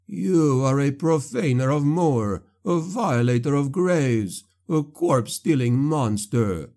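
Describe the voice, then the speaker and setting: A horrified, defiant priest, voiced by a male narrator pleads in a raised, strained voice, slow and anguished in a dark storybook reading. The pitch climbs well above the narrator's own. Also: lively intonation.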